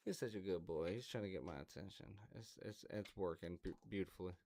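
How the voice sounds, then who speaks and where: A man's voice: sits low, quick pace, mellow, slight background noise. A man hosting a podcast in a casual, rambling monologue, swearing freely and talking to his dog. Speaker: podcast host.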